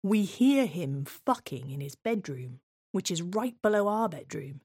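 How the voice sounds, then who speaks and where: A woman's voice: on the low side, very animated, a little slow, a little mellow, slightly rough, no echo, clean studio sound. A woman performing a scripted first-person monologue in a wry, reflective, conversational way.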